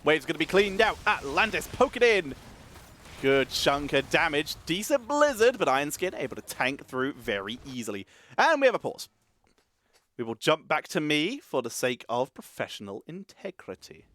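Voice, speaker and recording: A man casting a live esports match, energetic and chatty, wired on caffeine and thanking subscribers between calls of the play. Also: a little high, moderate pace. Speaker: esports caster.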